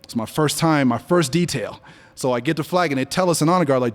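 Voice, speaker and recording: A fortysomething business leader sits for an on-stage interview in front of a live crowd at an event venue. His voice is fairly high and he talks fast, telling relaxed, conversational stories and becoming animated when quoting others.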